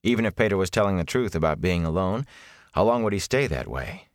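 A man narrating a fantasy novel as an audiobook, measured and expressive. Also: low voice, no echo, clean studio sound.

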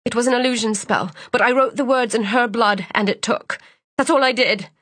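A frightened young woman pleads in a trembling, raised voice, voiced by a woman narrator. Her words come in short, shaky bursts. The sound is dry and a bit husky. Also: a little high, moderate pace, fairly bright tone, no room sound, pitched above the performer's own voice. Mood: pleading.

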